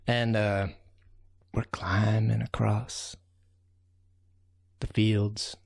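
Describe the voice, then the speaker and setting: A man's voice: lowish voice, level tone, takes it slowly, creaky, long pauses. A man telling a children's story as a kindly old raccoon, in a folksy, rambling way full of "you know.".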